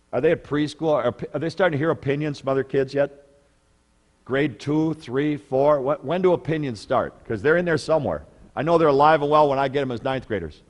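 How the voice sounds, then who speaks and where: Man, middle-aged, parenting workshop presenter, lively anecdotes, questions to the crowd, reverberant hall. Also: mid-range voice. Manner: animated storytelling, asks the audience questions. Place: large conference room.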